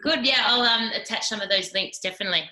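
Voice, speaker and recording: A woman's voice: a little high, pushed and bright. A woman hosting an interview, chatty and affirming, with frequent ums. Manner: chatty, filler-heavy, quick affirmations. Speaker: interview host. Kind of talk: casual interview chat. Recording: roomy echo.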